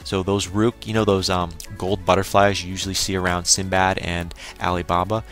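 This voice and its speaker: A man's voice: sits low, level tone, moderate pace, fairly bright tone, faint music behind. A young man giving a casual, crude recap of an anime episode and acting out his own reactions. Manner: crude, exclaiming, mock-quoting himself. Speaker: anime reviewer.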